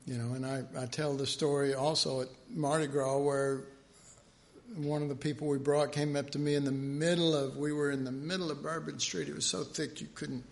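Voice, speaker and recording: A man preaching a sermon in a chatty, joking way, telling stories and doing quick voices of people in them. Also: on the high side, flat delivery, creaky. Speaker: pastor.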